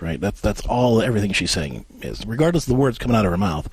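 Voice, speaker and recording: A man co-hosting a call-in advice show, coaching a caller step by step and acting out gentle example phrases. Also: on the low side, very animated, fast, breathy edge, dry recording. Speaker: radio advice host.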